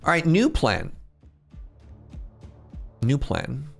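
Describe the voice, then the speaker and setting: A man in his thirties talks through a game on a live stream, animated and quick to laugh as he chats with viewers. His pitch swings freely up and down, sitting in a middle register. Faint music plays behind him. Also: gravelly, husky. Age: 30s. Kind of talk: casual live-stream commentary.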